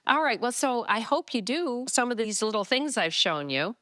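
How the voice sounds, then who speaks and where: A woman's voice: a little high, very animated, normal speed, bright, forceful tone, a little hiss or hum. A woman TV chef hosting a cooking show, explaining each step in a chatty, enthusiastic way from a studio kitchen on a lapel mic. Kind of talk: cooking demonstration.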